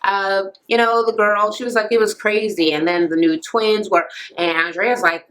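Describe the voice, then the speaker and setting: A woman's voice: medium pitch, normal speed, hardly any pauses, fairly bright tone, slight background noise, poor audio. A woman casually recapping a reality TV episode from home, blunt and profane, acting out the people she quotes. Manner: blunt, profane, retells scenes with quoted voices. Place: home near a police station, helicopter audible. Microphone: camera mic.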